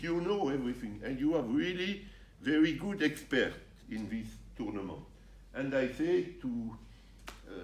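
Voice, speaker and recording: An older man from France with a French accent, giving an animated, jokey talk to referees in broken English. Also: fairly high pitch, slight background noise. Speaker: guest speaker. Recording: roomy sound from a distance, faint ambience.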